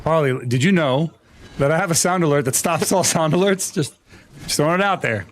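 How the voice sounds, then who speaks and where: This young man speaks a little fast in a fairly high voice while streaming a game live. Chatting casually, he protests his innocence in a playful, mock-indignant way and laughs frequently.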